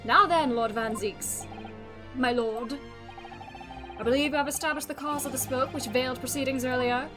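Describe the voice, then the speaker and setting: A stately older judge presides with formal, ornate diction. A woman reads him aloud in a high voice. Game music runs clearly behind. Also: steady tone, normal speed, lightly acted.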